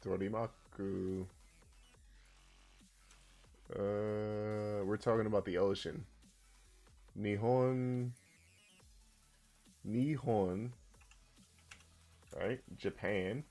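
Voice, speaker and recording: A man streaming a casual language lesson, who swears in loud outbursts and reads chat aloud. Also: fairly low pitch, steady tone, very slow, pauses often, soft background music. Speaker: streamer teaching Japanese.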